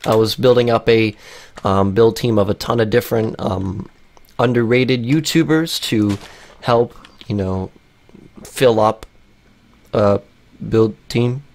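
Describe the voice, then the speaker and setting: A man YouTuber with a raspy, cracking voice, rambling through a casual vlog while he plays a game, with lots of fillers and restarts. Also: fairly low pitch, slow, pauses often, darkish tone. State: raspy, voice cracking after a long break.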